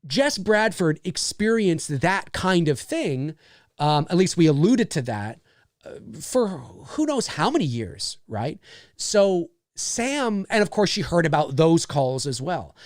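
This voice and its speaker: A man's voice: on the high side, slow pace, dry recording, clean studio sound. A man hosting a casual livestream, animatedly talking through film scenes he made. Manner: animated, acts out scenes as he explains.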